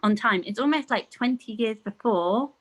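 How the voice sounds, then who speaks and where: A woman's voice: fairly high pitch, moderate pace, poor audio. A middle-aged woman, a podcast guest chatting casually and telling personal stories, acting out what others said. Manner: chatty, storytelling with acted-out quotes and laughs. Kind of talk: casual conversation.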